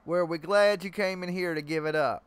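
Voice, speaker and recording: A man's voice: high-pitched, fairly even intonation, normal speed, noisy background. A young man hosting a live chat stream, joking and rambling in loose, slangy talk to his viewers.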